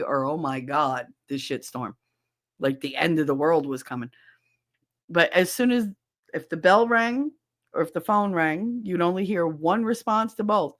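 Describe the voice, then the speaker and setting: A middle-aged woman hosting a livestream podcast, chatting casually with viewers and telling animated stories with frequent swearing. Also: fairly low pitch. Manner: animated storyteller who swears freely.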